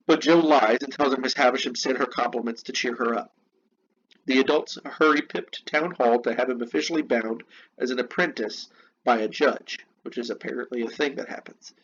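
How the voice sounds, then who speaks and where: A teacher with a mid-range, slightly bright voice reads lesson notes aloud at a moderate pace, explaining them with casual, chatty asides. The recording is dull and lo-fi with faint noise.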